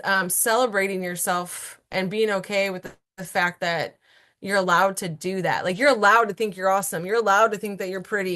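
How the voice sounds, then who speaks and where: Earnest woman in her thirties. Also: medium pitch. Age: 30s. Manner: earnest, animated, frequent "right?" asides. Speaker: guest entrepreneur. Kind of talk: casual interview chat.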